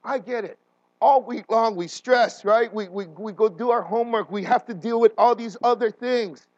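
Male pastor, higher voice, animated sermon delivery with restarts, lo-fi recording. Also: moderate pace, no echo. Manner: animated, often checks in with listeners with "right?"; frequent restarts and fillers.

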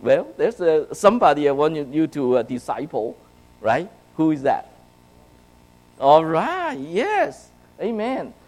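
A man's voice: fairly high pitch, very animated, measured pace, darkish tone, rough recording. A man preaching a sermon to his congregation in a conversational way, often checking in with "right?" and "okay?". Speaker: pastor. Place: church, speaking to a congregation.

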